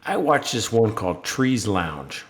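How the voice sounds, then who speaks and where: A man's voice: lowish voice, sing-song, measured pace. A man co-hosting a podcast, chatting casually in a rambling, joking way and trailing off while he hunts for words. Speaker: podcast co-host. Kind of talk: casual chat.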